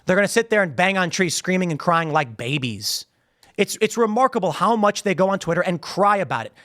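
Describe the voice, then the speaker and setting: Ranting straight into a studio mic, a podcast host rips into his critics, his high, expressive voice jumping up and down. He talks briskly, with a slightly bright tone, mocking them emphatically and repeating phrases for effect.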